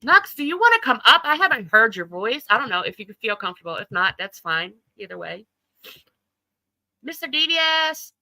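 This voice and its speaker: A woman's voice: fairly high pitch, big pitch swings, brisk, bright, forceful tone, dry recording, rough recording. A woman hosting a casual livestream chat, talking loosely, laughing often and swearing freely. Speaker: livestream host.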